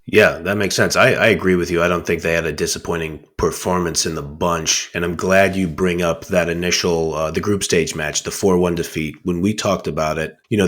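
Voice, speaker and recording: A man co-hosting a sports podcast, upbeat and hyping his guest. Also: low-pitched. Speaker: podcast co-host. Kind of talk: podcast interview.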